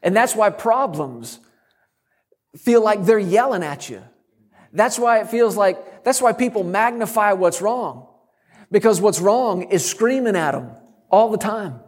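A man's voice: high-pitched, expressive, unhurried. A middle-aged man preaching a sermon as a guest speaker, bold and emphatic with touches of humor.

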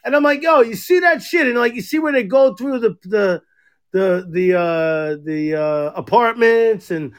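A man's voice: high-pitched, measured pace, smooth. A man co-hosting a podcast, telling crude rambling stories in casual chat, swearing constantly. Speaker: podcast co-host.

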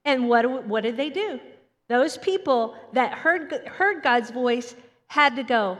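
A woman delivers a Sunday sermon in a high, bright-pitched voice, animated and quick to slip into the voices of children. Her words ring out with a long reverb, as if she is speaking in a large hall. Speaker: preacher. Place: church hall.

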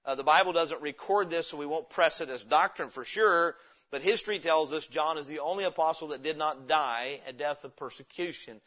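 A pastor preaches in a church sanctuary, his voice bright, forceful, pitched a little high, and a little fast. He repeatedly poses questions to the congregation and then answers them himself. The recording sounds dull and lo-fi.

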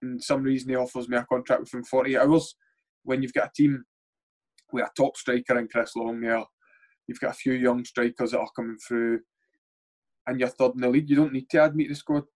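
A young Scottish footballer, appearing as a guest, tells stories in casual conversation. He's animated and swears freely as he acts out what others said, speaking at medium pitch and a little fast.

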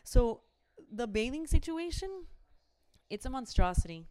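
Animated young woman mixing in Spanish. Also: fairly high pitch, unhurried, clear, resonant tone. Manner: animated, switches into Spanish phrases. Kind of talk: casual chat.

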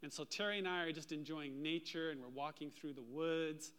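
A man preaching a sermon as pastor, telling a personal story with lively, animated delivery. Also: on the high side, a little fast.

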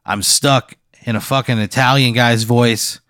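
A man reacts with loud disbelief and plenty of swearing, pushing back on an absurd tale in casual banter. His voice has an ordinary pitch. The sound is close and dry. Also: steady tone, a little slow, no echo. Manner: incredulous, swears a lot while reacting. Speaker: podcast co-host. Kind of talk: casual improv chat.

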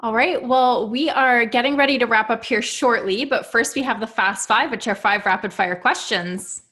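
A woman's voice: on the high side, moderate pace, sharp tone. A woman hosting an interview podcast, affirming her guest and asking questions in an upbeat way. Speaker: podcast host.

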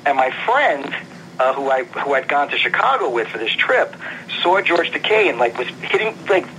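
A man's voice: a little high, sing-song, normal speed, pushed and bright, slight background noise, low-quality recording. A man being interviewed about his comic book writing, telling an anecdote in a casual, self-interrupting way. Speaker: guest, comic book writer.

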